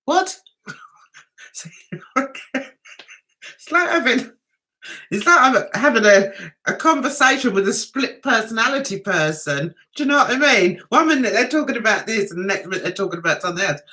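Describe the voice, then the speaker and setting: A woman's voice: on the high side, animated, normal speed, pauses often, sharp tone. A middle-aged woman hosting a casual livestream, reading out comments, chatting to viewers and laughing often. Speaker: livestream host.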